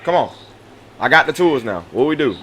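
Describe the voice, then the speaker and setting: Young man, twenties, streamer, loud, profane, trash-talking, middle pitch, faint hiss. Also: animated, fast. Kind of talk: casual livestream chat.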